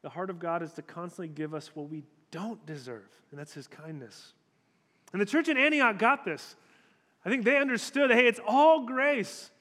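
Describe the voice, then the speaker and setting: A man's voice: high-pitched, moderate pace, a bit bright. A male pastor preaching a sermon in a church hall, conversational and emphatic. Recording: long hall reverb.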